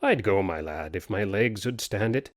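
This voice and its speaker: A man doing gruff old rheumatic countryman Mark Turley. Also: on the low side, expressive, moderate pace, dry recording, studio quality, lightly acted. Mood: scoffing. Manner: gruff rustic dialect. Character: elderly countryman, tough, rheumatic.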